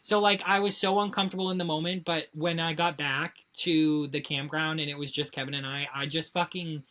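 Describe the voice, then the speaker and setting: A woman co-hosting a podcast, telling a story in casual chat, animated and heavy on swearing and filler words. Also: low voice, fairly quick. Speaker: podcast co-host.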